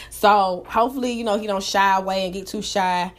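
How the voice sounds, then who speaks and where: A woman hosting her own live talk show, chatting casually in an animated, profane, gossipy way. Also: mid-range voice, fairly quick. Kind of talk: casual chat.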